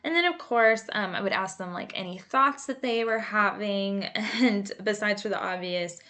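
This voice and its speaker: A woman working as a creative arts therapist, explaining a coping exercise in a relaxed, chatty way with many fillers and asides. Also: mid-range voice, moderate pace. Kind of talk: casual instructional talk.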